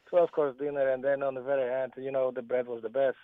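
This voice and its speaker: A man's voice: mid-range voice, little pitch movement, quick pace, a little hiss or hum. Rambling male caller on a tinny phone line. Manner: rambling, repeats words. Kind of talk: casual phone-in chat. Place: in a car.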